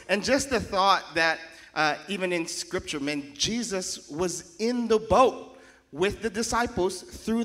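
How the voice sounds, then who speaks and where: A man's voice: on the high side, fairly bright tone. A man hosting a casual church discussion, friendly and chatty, asking questions with frequent restarts. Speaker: host.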